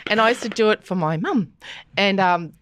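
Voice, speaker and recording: A woman's voice: mid-range voice, normal speed, a bit bright, slight background noise. An Australian woman hosting a podcast in casual, chatty conversation, laughing often. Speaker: podcast host. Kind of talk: casual chat.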